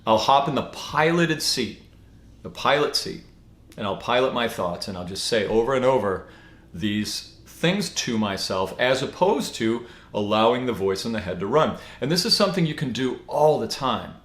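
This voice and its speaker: A man giving a casual spoken teaching, relaxed and rambling, with many fillers and restarts. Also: medium pitch, moderate pace. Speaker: spiritual teacher. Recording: echoey room.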